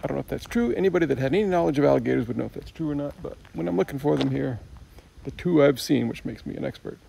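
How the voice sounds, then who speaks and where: A man's voice: fairly high pitch, rapid-fire, vocal fry, mellow, a little hiss or hum. A man in a casual outdoor travel vlog, talking in a chatty, wry and self-mocking way. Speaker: travel vlogger. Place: outdoors by a swamp.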